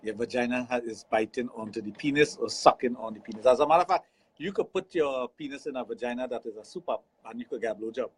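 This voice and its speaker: A man with a Trinidadian accent hosts a late-night radio show, speaking frankly in a relaxed, explanatory way. His voice is husky and sits in a middle pitch. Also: quick pace, low-quality recording. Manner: frank, explanatory, laughs easily. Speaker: radio show host, sexologist. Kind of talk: casual radio talk. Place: radio studio.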